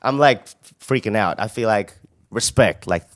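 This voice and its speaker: Excitable man on a dry remote line. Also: lowish voice, normal speed, no room sound. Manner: excitable, swears casually, quotes his own panic. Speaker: podcast co-host. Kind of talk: casual chat. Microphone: remote call.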